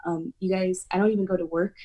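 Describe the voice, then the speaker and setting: A woman's voice: on the low side, steady tone, quick pace, mellow. A woman guest on an acting podcast, talking in a heartfelt, emotional way. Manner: emotional, heartfelt, speaks of near tears. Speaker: podcast guest, aspiring actor. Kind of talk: casual chat.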